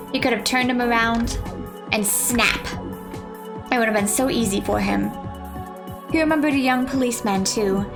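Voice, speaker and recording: A woman reading a visual novel aloud, with playful joking asides to her listeners. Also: fairly high pitch.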